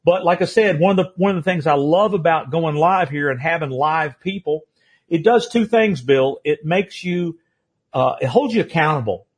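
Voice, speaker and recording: A man with a husky voice, pitched a little high, hosts a live interview show. He chats in a loose, rambling way and restarts his sentences often, reading out viewer questions. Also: expressive, moderate pace. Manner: chatty, rambling, with many restarts. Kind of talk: live-stream interview hosting.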